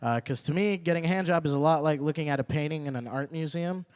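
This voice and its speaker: A young man performing a stand-up set at an open mic, repeating his punchlines and working up to loud, indignant rants. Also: on the high side, fast talker, clean tone. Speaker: stand-up comedian. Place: open mic comedy night venue.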